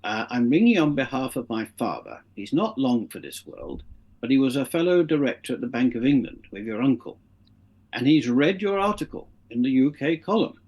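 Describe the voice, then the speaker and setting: A man's voice: mid-range voice, expressive, moderate pace, darkish tone. Very posh english gent on the phone, as a man acts him out, polite, formal, secretive.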